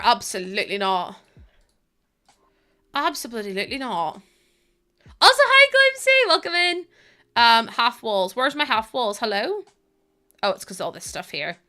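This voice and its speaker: A young woman with a British accent talks with her stream chat while she plays a game. Her voice sits a little high and sounds bright and sharp. She is chatty and expressive, swears without a second thought, and laughs easily. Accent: British English. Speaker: live streamer.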